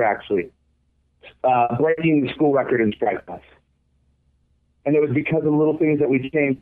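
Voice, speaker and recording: Young man, earnest reflective storyteller, interview guest, narrow phone-like sound. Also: fairly high pitch. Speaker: guest, former college baseball pitcher. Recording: tinny phone-like line.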